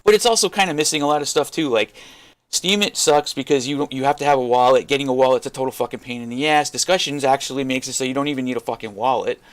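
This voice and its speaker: A man's voice: medium pitch, quick pace. A man ranting to camera as a vlogger, frustrated and swearing constantly, rambling with many restarts. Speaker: crypto vlogger. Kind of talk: unscripted rant to camera.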